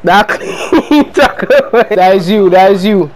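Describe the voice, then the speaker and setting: A young man narrates his own football video game match in a loose, profane running commentary. His voice sits high and leaps all over the place, breaking into shouts whenever the play turns. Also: unhurried, poor audio. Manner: excitable, swears often and shouts at the players. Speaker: gaming video creator.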